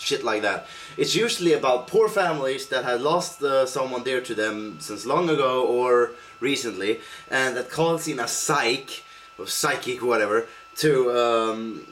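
A man rants off the cuff, swearing often and stumbling over his words as he goes. His voice sits a little high for a man, with a faint hiss underneath. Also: fairly bright tone. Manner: heated, profane, with frequent hesitations. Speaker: vlogger. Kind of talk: improvised rant.

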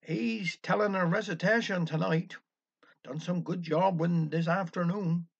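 A man's voice: sits high, fairly even intonation, a little slow, gravelly, breathy edge, full character voice. A man with a Cornish accent voicing a chatty, grumbling old village woman in a concert audience. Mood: gossipy. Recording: dull lo-fi recording.

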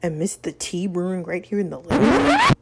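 A woman's voice: fairly low pitch, huge pitch swings, a little fast, heavy background noise. A woman voicing a cheeky teenage boy in a story game, talking with mock enthusiasm. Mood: sarcastic.

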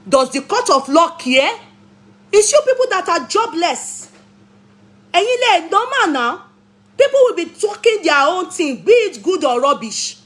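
Nigerian woman, high voice, argumentative vlogger, rhetorical questions, phone mic. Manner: argumentative, fires rhetorical questions, scolds commenters. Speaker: vlogger and commentator. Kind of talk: opinionated commentary vlog.

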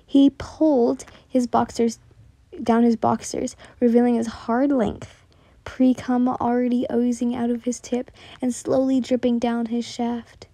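A young woman reading a second-person fan fiction story aloud in a soft voice that often drops to a whisper, stumbling and restarting lines. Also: on the high side, little pitch movement, measured pace, dry recording. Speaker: story narrator.

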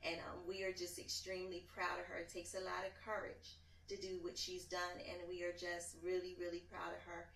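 A middle-aged woman with a low, flat voice speaks steadily and in a measured way. She sounds distant from the mic, in a roomy space. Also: creaky, a little hiss or hum. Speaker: family member. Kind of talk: family statement.

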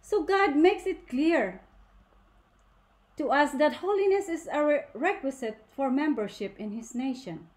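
Addressing a women's ministry gathering, a woman gives a faith talk, taking her time and leaning hard on each point in a deliberate, emphatic way. Her fairly high, expressive, slightly mellow voice swings up and down as she stresses words and poses rhetorical questions.

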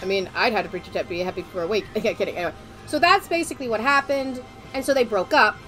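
A woman streamer chatting casually, excitable and rambling, often breaking into giggles. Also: medium pitch, very fast, faint music behind. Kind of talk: casual chat.

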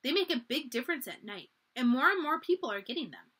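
A woman's voice: high voice, sing-song, fast talker, bright, forceful tone, slightly rough, heavily acted. A woman voicing a good-humored, easygoing uncle in a storybook reading. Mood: jovial.

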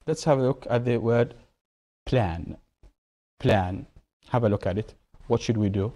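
Mellow-voiced man teaching grammar. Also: mid-range voice, fast talker. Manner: asks questions and answers them himself, repeating key words. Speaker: English teacher. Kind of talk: televised grammar lesson.

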